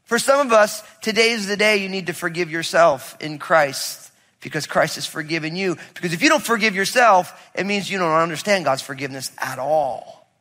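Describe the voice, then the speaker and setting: A male pastor preaching a sermon to a congregation, telling a personal story and building to loud, emphatic preaching. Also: high voice, a little fast, hardly any pauses. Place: church sanctuary with congregation. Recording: long reverb of a large hall.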